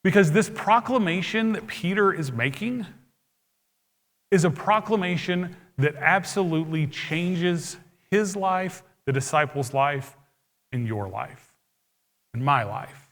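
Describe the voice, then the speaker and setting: Male pastor, sermon delivery, conversational and explanatory; bright, slightly high voice with long church reverb. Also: lively intonation, takes it slowly. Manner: conversational, explaining scripture plainly. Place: church sanctuary.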